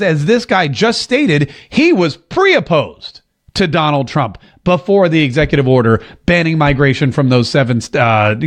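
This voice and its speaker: A man talks through a political commentary podcast in a fairly high voice. He is emphatic and drives home his points by repeating phrases. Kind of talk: opinionated podcast monologue. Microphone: seated at a desk mic.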